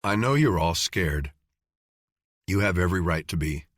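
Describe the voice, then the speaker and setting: A man voicing a tough male master sergeant who speaks in an earnest, measured, restrained way. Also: sits low, lively intonation, dry recording, clean studio sound.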